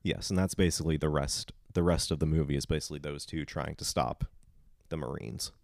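A man with a very deep voice chatting through a movie recap. He breaks into loud, animated quotes of the lines. The sound is dry and close. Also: brisk, gravelly, dry recording. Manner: retells scenes in animated bursts, quoting lines loudly. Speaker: podcast co-host. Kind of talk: casual film discussion.

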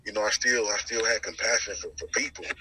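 A middle-aged man tells his life story as testimony. His voice is husky and tight, with a very bright, sharp edge. He talks with lots of animation, repeating lines and putting on the voices of the people he quotes. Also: on the low side, fast, low-quality recording. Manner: lively storyteller who acts out the voices he quotes, repeats phrases. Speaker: guest sharing his testimony.

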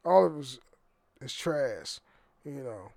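A man's voice: mid-range voice, lively intonation, slow, creaky, darkish tone, no room sound. A young American man hosting his own podcast, rambling and profane, often stumbling and repeating words as he restarts sentences. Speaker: podcast host. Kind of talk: casual solo podcast monologue.

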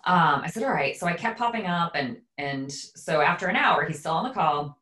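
A woman in her thirties, a podcast co-host, telling a story in a casual, animated way. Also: low voice, normal speed. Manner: animated, acts out quoted voices.

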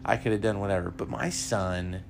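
A man's voice: on the low side, fairly even intonation, fairly quick, vocal fry, over music. A young man hosting a podcast, telling a personal story earnestly and laughing now and then. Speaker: podcast host.

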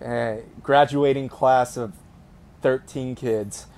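A man's voice: medium pitch, steady tone, takes it slowly, a little mellow. A young man co-hosting a casual podcast, telling a story in a rambling way with many fillers and restarts. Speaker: podcast co-host.

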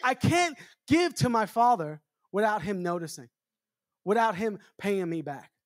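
Fervent high-voiced preacher man. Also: big pitch swings, measured pace, dry recording, studio quality. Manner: fervent, repetitive rhetorical questions, building to shouts. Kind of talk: revival sermon.

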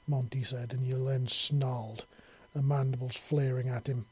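A man narrating a fantasy story in a relaxed way, with small slips and self-corrections. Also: mid-range voice, moderate pace, husky, no echo.

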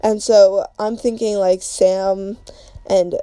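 A young woman spins a long personal story in loose, slang-filled chat, stacking filler words as she goes. Her voice is soft and mellow rather than bright. The recording is close and dry, with no room sound. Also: medium pitch, level tone, slow pace, clear, resonant tone, no echo. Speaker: podcast host.

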